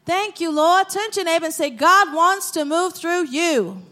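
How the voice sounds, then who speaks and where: A woman's voice: very high-pitched, expressive, normal speed, pushed and bright. A woman preaching a sermon, reading scripture aloud and calling on the congregation to repeat after her. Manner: call-and-response with congregation, reads scripture aloud.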